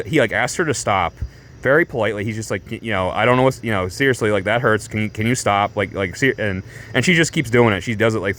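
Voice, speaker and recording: A man vlogging, telling a story casually in a rambling way, full of fillers and restarts, animated and breaking into laughs. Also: lowish voice.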